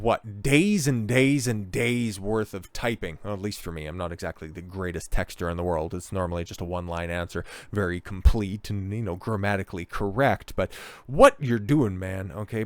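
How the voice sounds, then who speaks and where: A man delivers blunt, incredulous reaction commentary, swearing freely as he picks things apart. His voice sits a little low and sounds smooth and clean. The recording is dry, with no room sound. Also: dry recording. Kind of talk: reaction commentary reading out messages.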